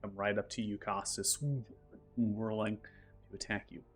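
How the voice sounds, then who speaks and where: A man acting as game master, calmly narrating the action and explaining rules step by step. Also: fairly low pitch, normal speed, faint music behind. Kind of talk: narrating and ruling a tabletop game.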